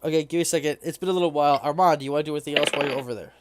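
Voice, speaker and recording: A man narrating a tabletop game as game master in a loose, halting way. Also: fairly high pitch, background noise.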